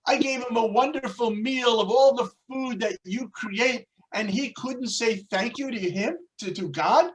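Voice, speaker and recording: A man's voice: very high-pitched, a little slow, hardly any pauses, a little hiss or hum, low-quality recording. A man voicing the patriarch Abraham in a told story, his delivery raised and exclaiming. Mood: protesting. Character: patriarch Abraham, hospitable then indignant.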